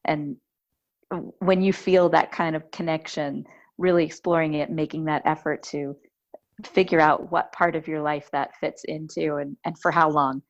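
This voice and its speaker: A woman's voice: sits low, normal speed, dull audio. A woman podcast host chatting casually and telling a story, acting out the voices she quotes. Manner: lively storyteller who acts out quoted voices.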